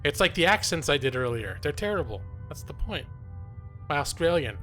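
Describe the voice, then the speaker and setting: A man's voice: on the high side, very animated, fairly quick, pushed and bright, soft background music. A man streaming a video game live, chatting casually in a jokey, self-mocking way and laughing often. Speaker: gaming streamer and lawyer.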